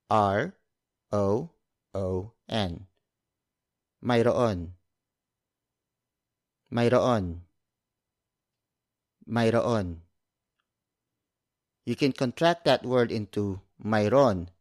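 A man with a lowish voice teaching a language lesson at an unhurried pace. He talks slowly and carefully and repeats words so a learner can copy them. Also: a little mellow, no echo, studio quality.

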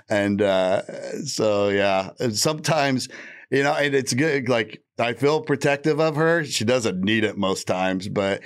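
A man's voice: lowish voice, a little slow. A man with a Midwestern American accent telling stories on a podcast in a laid-back, rambling way, laughing often. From Indiana, Midwest US. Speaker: podcast guest, former undercover cop. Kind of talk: casual storytelling.

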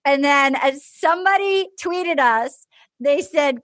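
A woman hosting a casual podcast chat, animated and acting out quotes. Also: slow pace, no room sound. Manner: animated, acts out quotes with big pitch swings. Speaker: podcast host.

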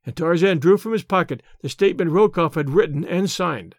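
A man narrating an audiobook adventure in a steady, clear storytelling delivery. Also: fairly high pitch, a little fast, dry recording, clean studio sound. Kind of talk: scripted narration.

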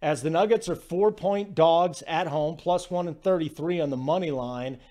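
A man's voice: a little high, moderate pace, dark tone. A man hosting a sports betting podcast in casual conversational talk, loose, with fillers and restarts.

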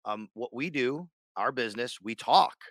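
A man's voice: medium pitch, animated, moderate pace, fairly bright tone, no room sound. A man who hosts sports radio, chatting casually on a podcast in a rambling way with many restarts.

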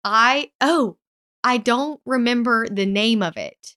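A woman co-hosts a casual podcast chat with a bright, crisp voice that sits a little high. She tells stories in a chatty way, full of "like" and "you know.". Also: slow pace. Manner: chatty storyteller, frequent "like" fillers. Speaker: podcast co-host.

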